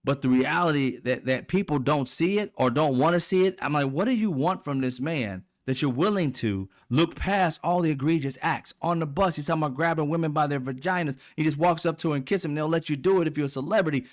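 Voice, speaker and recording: Middle aged guy w aave ranting hard, blunt and cussing, voice on the higher side. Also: brisk, few pauses. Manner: blunt, heated, profane, mocking asides. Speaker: commentary channel host. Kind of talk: ranting political commentary.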